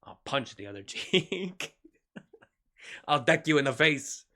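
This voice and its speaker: A man plays a shooter on stream, cracking jokes, swearing openly, laughing often and yelping excitedly at turning points. He speaks slowly in a voice on the high side.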